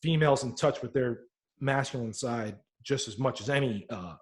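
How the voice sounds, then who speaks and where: A man co-hosting a podcast, telling stories in a casual, animated way and swearing freely. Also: medium pitch, normal speed. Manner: profane, animated storyteller. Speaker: podcast co-host. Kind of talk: casual chat.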